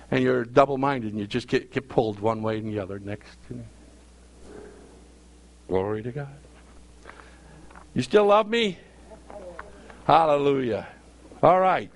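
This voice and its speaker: A man's voice: medium pitch, normal speed, long pauses. A male pastor preaching a sermon, repeating phrases for emphasis and calling out questions to his congregation.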